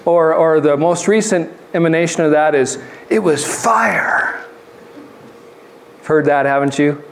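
A male pastor with a slightly high voice preaching in a relaxed, conversational way. He tells jokey everyday stories and reads scripture slowly. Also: slight background noise. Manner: deliberate scripture reading. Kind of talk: sermon.

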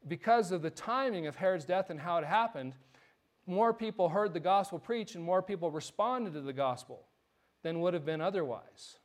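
A man with a notably high voice preaches a sermon in church. He tells stories in a loose, conversational way and stumbles over repeated words as he goes. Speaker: pastor.

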